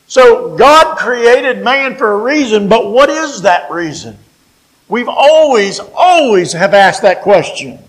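A man with a West Virginian accent preaching a sermon, folksy and emphatic, slowing down to stress key phrases. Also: very high-pitched, fairly bright tone, poor audio.

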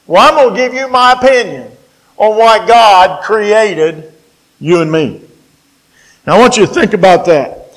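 High-voiced West Virginian preacher. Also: male voice, poor audio. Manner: folksy, emphatic, slows down on key phrases. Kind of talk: sermon.

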